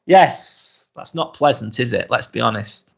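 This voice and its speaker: A man hosting a casual live vlog, reading viewer comments in a relaxed, chatty way and asking lots of questions. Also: mid-range voice, a little slow, gravelly. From England.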